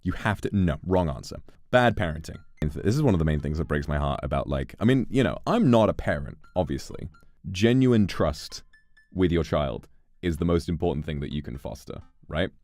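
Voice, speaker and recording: A male streamer giving casual gameplay commentary, animated, laughing and swearing often. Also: low voice, moderate pace, no room sound.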